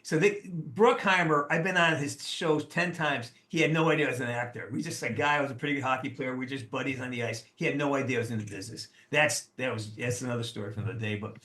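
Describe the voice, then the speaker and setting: A man in his sixties, an actor guest telling a lively, profane anecdote and acting out the people in it. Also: mid-range voice, quick pace, few pauses. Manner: animated, profane, acts out the people in his stories. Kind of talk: casual storytelling anecdote. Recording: roomy echo.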